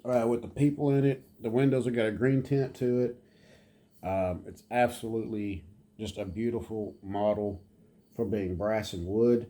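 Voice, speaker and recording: A man in a relaxed, rambling home vlog, showing off a model train car and talking to his dog now and then. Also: lowish voice, moderate pace. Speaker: model train hobbyist vlogger. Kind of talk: casual show-and-tell vlog.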